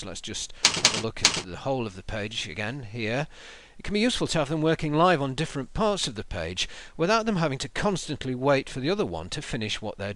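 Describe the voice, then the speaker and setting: A man talks a listener through a software tutorial step by step. His pitch moves a lot as he explains. The recording is dry and close, with no room sound. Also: no room sound. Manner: measured, explanatory, steps through menus aloud.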